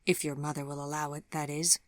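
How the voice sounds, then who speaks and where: A woman voicing a gentle, soft-spoken man with a calm, formal way of talking in an audiobook story. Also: low-pitched, fast talker, no echo, studio quality, close to an everyday voice.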